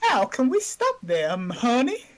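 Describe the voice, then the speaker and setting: A woman voicing an excitable male tribal chief in an amateur script reading, with shrill exclamations and a husky voice. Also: a little slow, low-quality recording. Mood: commanding. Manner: shrill exclamations, playful asides.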